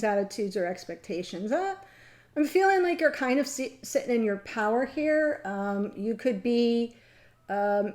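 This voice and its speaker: Chatty tarot-reading woman, fairly high voice. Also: warm tone. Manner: chatty, meandering, gets emotional and laughs. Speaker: tarot reader. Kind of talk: casual tarot reading to camera.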